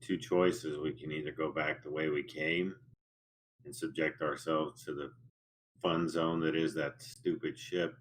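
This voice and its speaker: A man's voice: very deep voice, flat delivery, a little slow. A man playing a tabletop game, bluntly and casually talking through the group's options. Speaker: player.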